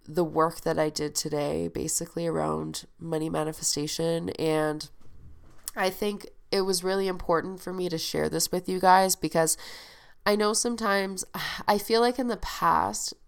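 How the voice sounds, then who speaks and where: A woman's voice: on the low side, steady tone, normal speed, creaky. A woman hosting a podcast with a stuffed-up, nasal voice, talking in a chatty, emphatic, motivational way. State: stuffed-up nose. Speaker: podcast host. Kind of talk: casual solo podcast monologue.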